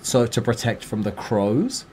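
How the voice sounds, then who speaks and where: An Australian man co-hosting a casual chat show, telling stories with lively outbursts. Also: medium pitch, measured pace, a little hiss or hum. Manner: animated storyteller, swings into loud outbursts. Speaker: co-host.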